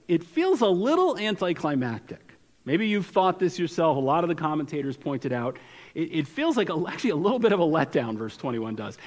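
A man preaching a sermon as pastor, speaking conversationally and repeating phrases for emphasis, with his voice dropping softly at key lines. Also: a little high. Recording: long hall reverb.

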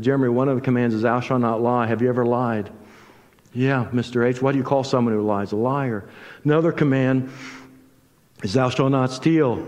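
An older man preaching a sermon in a church, telling a story and animatedly acting out the dialogue. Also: mid-range voice. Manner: animated, acts out dialogue with rising intensity. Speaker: guest preacher. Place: church sanctuary. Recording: long hall reverb from a church.

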